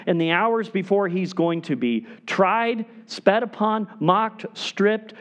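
A man preaching a sermon as a pastor, with emphatic delivery that falls to hushed, quiet stretches for emphasis. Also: sits high, takes it slowly, few pauses, lo-fi sound.

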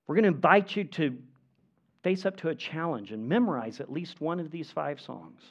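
Male pastor, fairly high voice, earnest emphatic sermon delivery, dull lo-fi recording. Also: expressive. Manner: earnest, emphatic preaching with pauses.

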